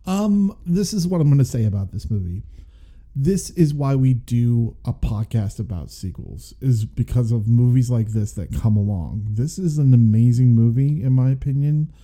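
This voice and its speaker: A man with a deep, mellow, very dark voice co-hosts a casual film review podcast. He rambles and jokes, filling pauses with "uh" and "um" as he thinks aloud. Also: animated. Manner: rambling, joking, halting with fillers. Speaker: podcast co-host. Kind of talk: casual movie review chat.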